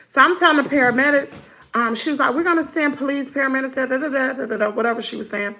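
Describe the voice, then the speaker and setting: A middle-aged woman, telling her viewers a story in a lively storytime chat. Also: sits high, fast talker. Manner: animated, talks to viewers as y'all. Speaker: vlogger.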